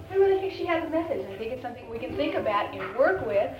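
A woman's voice: on the high side, big pitch swings, fast talker, crowd noise. A woman leading a live seminar on family communication, talking with her audience in a conversational way and acting out quoted family scenes. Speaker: seminar leader. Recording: echoey lo-fi room recording with faint hiss.

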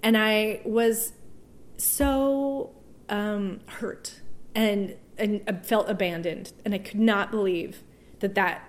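Her medium-pitched voice holds a steady tone as she recounts something personal during an interview. Emotion makes her halting, and she restarts phrases and laughs softly along the way.

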